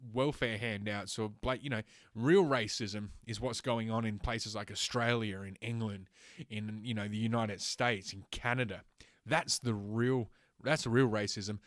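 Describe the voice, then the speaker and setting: A man's voice: medium pitch, a bit bright, no room sound, studio quality. A man hosting a solo livestream, ranting sarcastically with heavy swearing and stumbling as he reads text aloud. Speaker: host.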